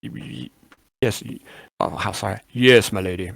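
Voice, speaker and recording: A man playing a terrified little manservant who stammers and trips over every word, meek and quiet. The voice is low and gravelly, recorded dry and close. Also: moderate pace, no room sound, full character voice. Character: timid, terrified male manservant.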